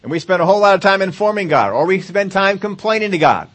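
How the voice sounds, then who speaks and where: Casting: middle-aged male preacher, slightly high voice, easygoing sermon delivery that breaks into mock-pleading prayers. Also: lively intonation, fast, fairly bright tone. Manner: conversational, chuckles often, acts out whiny prayers.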